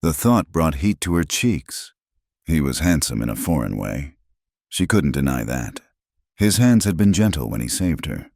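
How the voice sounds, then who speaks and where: Very deep gravelly male narrator. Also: big pitch swings, darkish tone, dry recording, clean studio sound. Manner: measured dramatic read-aloud. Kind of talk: scripted storytelling narration.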